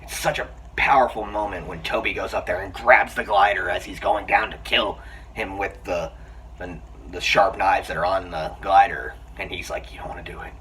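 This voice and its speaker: A man giving a casual, excited film review, chatty and full of fillers, often laughing. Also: sits low, moderate pace. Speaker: movie reviewer. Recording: voice a bit far from the mic, faint background noise.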